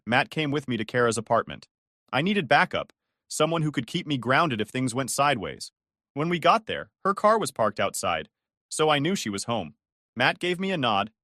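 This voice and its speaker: A man's voice: medium pitch, pushed and bright, no echo, clean studio sound. A male text-to-speech voice narrating a first-person family drama story.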